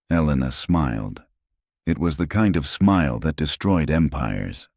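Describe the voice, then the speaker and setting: A man narrating a scripted drama story in a measured, dramatic way. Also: very deep voice, lively intonation, a little mellow, slightly rough, no echo, studio quality.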